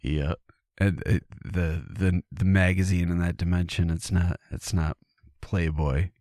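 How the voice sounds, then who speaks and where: A man's voice: deep voice, steady tone, a little slow, a little mellow, no room sound, clean studio sound. A man co-hosting a podcast, chatting casually and joking around, laughing often. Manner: joking, laughs often, puts on silly voices. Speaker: podcast co-host. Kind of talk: casual comedic chat.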